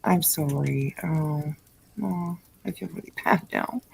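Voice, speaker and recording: A woman with a lowish, gravelly voice hosts a casual late-night livestream. She talks to her viewers in a chatty, effusive way, with lots of ums along the way. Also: steady tone, takes it slowly, darkish tone, low-quality recording. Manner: chatty and effusive, many fillers. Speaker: livestream host reading chat.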